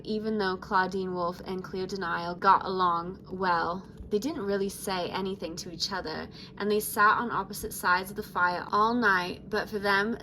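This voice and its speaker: A woman voicing a laid-back teenage sea-monster surfer girl, reading her diary aloud softly. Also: mid-range voice, a little hiss or hum, close to an everyday voice, rough recording.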